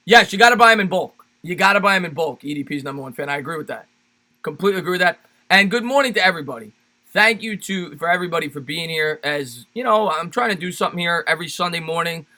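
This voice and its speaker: A man's voice: on the high side, lively intonation, quick pace, sharp tone. A man hosting a casual sports livestream, chatting loosely with viewers and repeating his phrases. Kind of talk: casual live chat reading viewer comments.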